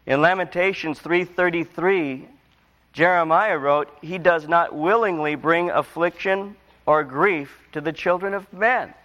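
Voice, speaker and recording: A man's voice: a little high, measured pace, dull audio. Preacher man in a reverberant hall. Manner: storytelling, rising to emotional pleas then dropping quiet. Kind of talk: sermon.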